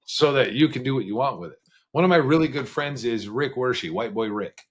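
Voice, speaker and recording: A man's voice: medium pitch, breathy edge. Frank man telling his life story. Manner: frank and conversational, with quick bursts and laughs. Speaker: podcast guest, author. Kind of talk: candid storytelling interview.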